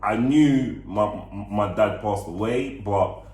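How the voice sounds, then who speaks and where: A young man tells a personal story on a vlog, earnest and halting, often stopping to repeat himself. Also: lowish voice, a little mellow. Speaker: vlog co-host. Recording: echoey room.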